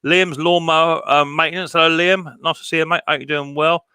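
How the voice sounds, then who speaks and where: A man's voice: fairly high pitch, fairly even intonation, fairly quick, bright, forceful tone, clear, resonant tone, dry recording. A man hosting a casual live stream, reading out chat and greeting viewers by name with chummy banter.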